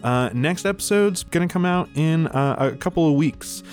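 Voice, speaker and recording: A man's voice: a little high, lively intonation, normal speed, a little mellow, faint music behind. A man hosting a comedy tabletop podcast, chatting loosely with the players and reading the outro. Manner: laid-back, swears and laughs. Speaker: podcast host. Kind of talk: casual chat and show outro.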